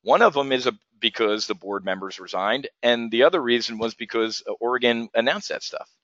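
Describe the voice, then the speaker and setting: Bright-voiced man teaching options live. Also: mid-range voice, fairly quick, no room sound, lo-fi sound. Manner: energetic, profane, rhetorical questions to viewers. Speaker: options trading instructor. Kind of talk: live trading webinar lesson.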